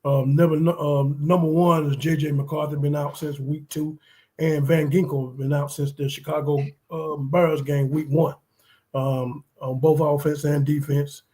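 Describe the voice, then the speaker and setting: A man's voice: on the high side, level tone, a little slow, mellow. A man from North Carolina co-hosting a sports podcast, talking casually and emphatically with many ums and repeats. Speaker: podcast co-host.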